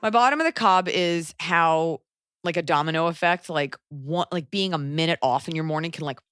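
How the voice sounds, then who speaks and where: A woman in her forties hosting a podcast, giving blunt advice in a casual chat, animated and quick with asides and swearing. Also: deep voice, clean tone, no room sound, clean studio sound, faint music behind. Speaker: podcast host.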